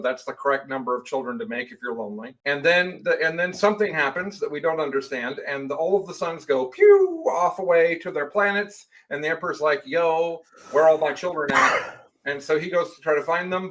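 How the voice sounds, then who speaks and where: A man co-hosting a casual podcast, recapping lore playfully and sarcastically, often slipping into quick mock voices for the people he quotes. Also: on the high side, fairly bright tone, rough recording. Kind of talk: casual chat.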